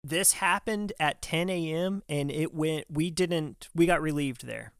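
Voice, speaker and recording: A young adult man, a firefighter guest on a podcast, telling a story casually and acting out what other people said in quick quoted bits. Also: on the high side, clear, resonant tone, no echo, clean studio sound. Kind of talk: animated storytelling in casual conversation.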